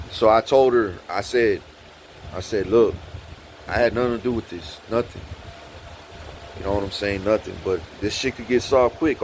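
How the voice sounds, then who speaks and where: A man's voice: a little hiss or hum, low-quality recording. A man telling a story in a casual, profane way, often saying "dog" and "bro", his voice jumping up when he gets worked up. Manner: animated, profane, repeats "dog" and "bro", pitch jumps up when excited.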